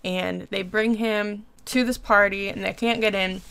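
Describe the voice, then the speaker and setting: Young woman with a gravelly, fry-heavy voice. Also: mid-range voice, unhurried. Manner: chatty, animated, filler-heavy with frequent "like". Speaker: reaction video host. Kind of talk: casual episode recap and review.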